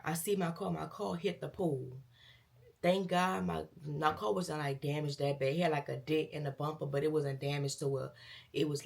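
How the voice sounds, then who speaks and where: Young woman, low gravelly voice, chatty storytime vlogger who acts out the dialogue. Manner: animated retelling with quoted dialogue, addresses viewers as girl and y'all. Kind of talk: casual storytime.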